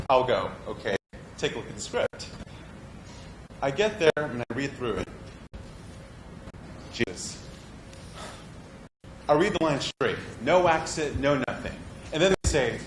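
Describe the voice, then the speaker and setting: Man as frustrated young actor, animated delivery, roomy echo. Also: mid-range voice. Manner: confiding, swings from earnest to exasperated. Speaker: stage actor performing a monologue. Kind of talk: theatrical monologue. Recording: echoey room with background noise.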